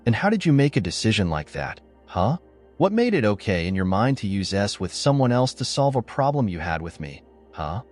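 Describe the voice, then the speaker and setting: A man telling a first-person story in a low voice that swings lively in pitch. He delivers the husband's lines bluntly, with an angry, sarcastic edge. Faint music plays underneath. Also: moderate pace. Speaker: narrator.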